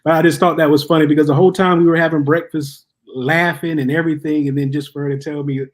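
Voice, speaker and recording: A man's voice: a little high, fast talker. A man who is a guest chaplain, telling personal stories in conversation and acting out what people said. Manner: animated storyteller, acts out quotes. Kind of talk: storytelling in conversation.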